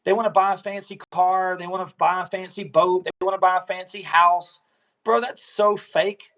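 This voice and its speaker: A man with a high-pitched voice speaks as a podcast guest. He tells stories bluntly and casually, swearing freely. The audio sounds dull and lo-fi. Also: fairly even intonation, moderate pace, fairly bright tone. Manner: blunt, profane, storytelling. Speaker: business owner guest.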